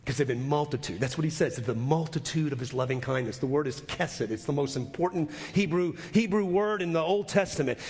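A man preaching a sermon as pastor, emphatic and swinging from quiet to loud, often repeating words as he goes. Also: on the high side, brisk, hardly any pauses. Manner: repeats words and restarts phrases. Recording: long hall reverb.

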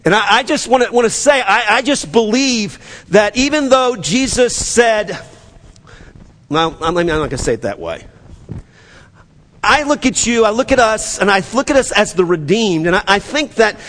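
A man with a New Orleans accent preaching a sermon as pastor, animated and acting out the scripture dialogue with stammered restarts. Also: high-pitched, normal speed. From New Orleans area. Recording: long hall reverb.

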